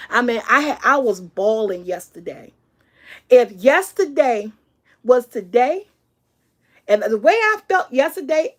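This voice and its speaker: A middle-aged woman vlogger, giving an emphatic, preachy motivational talk and repeating her key lines. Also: fairly high pitch.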